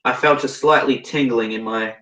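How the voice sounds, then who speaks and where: A man's voice: medium pitch, steady tone, moderate pace, pushed and bright, echoey room, low-quality recording. A young Australian man reading fan fiction aloud for comedy, stumbling over words and cutting in with horrified asides.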